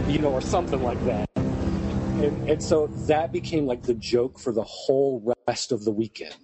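A man's voice: medium pitch, moderate pace, dark tone. A man on a casual podcast, telling a long rambling anecdote full of fillers. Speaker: podcast co-host. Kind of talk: casual storytelling chat.

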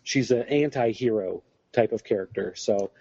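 A man's voice: fairly low pitch, moderate pace, creaky, mellow, breathy edge, no echo, highs cut off. A man co-hosting a podcast, chatting casually and rambling through comic reviews with plenty of fillers. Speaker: podcast co-host.

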